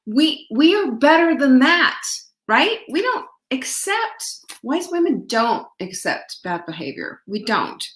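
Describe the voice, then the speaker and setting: A woman's voice: sits high, very animated, takes it slowly, echoey room, slight background noise. Chatty woman hosting a live stream. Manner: chatty, warm-hearted, greets viewers by name, laughs often. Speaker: livestream host. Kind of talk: casual live-stream chat to viewers.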